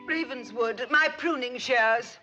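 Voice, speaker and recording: An actress playing a snobbish, fussy society matron with refined, prim diction in a 1960s sitcom. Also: female voice, on the high side, slow pace, pushed and bright, soft background music. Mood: imperious.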